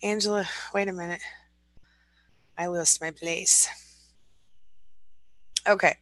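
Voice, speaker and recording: Brief: woman in her forties, livestream host, bright and forceful, slightly low voice, dry close sound, upbeat and quick to laugh. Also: steady tone, dry recording, poor audio. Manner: upbeat, laughs often, reads comments aloud. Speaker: livestream host reading viewer comments. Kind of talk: casual morning live chat.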